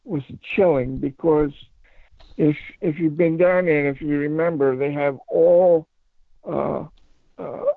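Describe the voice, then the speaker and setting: Gravelly guy rambling over a tinny phone line, keeps restarting, dry sound. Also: on the high side, steady tone, no room sound. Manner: rambling, halting with many restarts and fillers. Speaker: paranormal investigator guest. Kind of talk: casual phone interview storytelling. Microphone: phone call.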